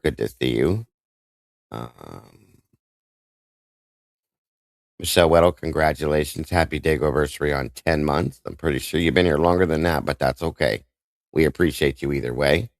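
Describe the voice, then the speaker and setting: A man with an extremely deep, low voice hosts a live stream, talking in an emotional, halting way and often restarting his sentences. He greets his viewers one by one by name. The sound is dry and close, with almost no room echo. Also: gravelly. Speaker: livestream host.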